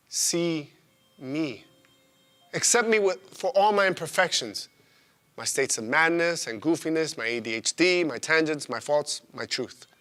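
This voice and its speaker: A man in his twenties performing a theatrical spoken-word monologue, raw and profane, swinging from loud outbursts to hushed confession. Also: fairly high pitch. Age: 20s.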